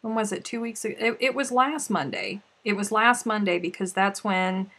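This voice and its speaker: A woman's voice: mid-range voice, expressive, moderate pace, fairly bright tone. A woman chats with her viewers on a crochet live stream, moving between tears and laughter. Her talk is loose and rambling, full of restarts and asides. It sounds like a casual livestream voice on a desk mic.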